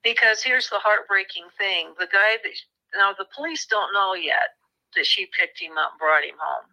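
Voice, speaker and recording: A woman author walks through a crime case in an interview, her voice sharp and very bright. She tells it vividly, slipping into the voices of the people involved and restarting phrases as she goes. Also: medium pitch, lively intonation, moderate pace, low-quality recording. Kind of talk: storytelling interview.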